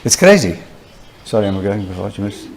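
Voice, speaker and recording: A man's voice: fairly low pitch, brisk, slight background noise. An older man, a surgeon giving a conference lecture, talking conversationally and telling anecdotes with frequent asides to the audience. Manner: conversational, animated storyteller with frequent "you know" asides.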